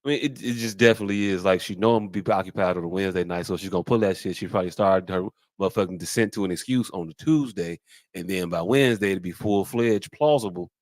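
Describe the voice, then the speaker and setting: A man's voice: low-pitched, quick pace, no room sound, studio quality. A man co-hosting a podcast, blunt and profane, often restarting his sentences in casual chat. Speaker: podcast co-host.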